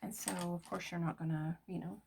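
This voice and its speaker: A middle-aged woman talking casually through her makeup routine, often dropping to a soft whisper. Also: fairly low pitch, steady tone, fairly quick, gravelly, noisy background. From United States. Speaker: beauty vlogger. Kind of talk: casual get-ready-with-me makeup talk.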